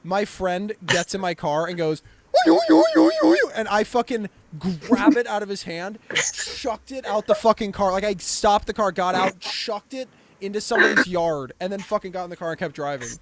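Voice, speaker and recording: A young man in his twenties co-hosting a comedy podcast, telling loud, swear-filled anecdotes in casual chat. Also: high voice, moderate pace, slight background noise. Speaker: podcast co-host.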